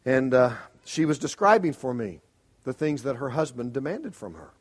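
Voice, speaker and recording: A man's voice: medium pitch, sing-song, moderate pace, slightly rough. A middle-aged man preaching a sermon as pastor, earnest and emphatic, pressing his congregation with pointed rhetorical questions.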